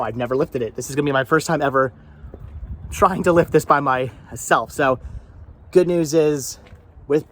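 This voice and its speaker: A man's voice: on the high side, fairly bright tone. Phlegmy man vlogging by his van. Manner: rambling, repeats words, self-talk while working. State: phlegmy with a cough. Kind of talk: casual vlog chat. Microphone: camera set down nearby.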